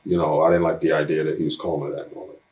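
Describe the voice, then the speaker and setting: A man with a bass voice, a little mellow and level in tone, races through his stories as an interview guest. Seated for a shoot interview, he's blunt and streetwise, acting out other people's voices.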